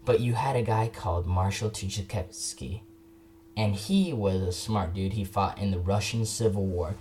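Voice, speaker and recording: A man's voice: lowish voice, moderate pace, darkish tone, a little hiss or hum. A young man talking casually about history in a video, rambling, restarting sentences and correcting himself. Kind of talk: casual unscripted history talk.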